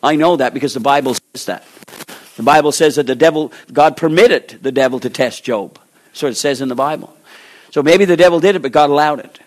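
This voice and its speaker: A man preaching a sermon, acting out biblical dialogue and swinging between loud exhortation and hushed, slow pleading. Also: fairly high pitch.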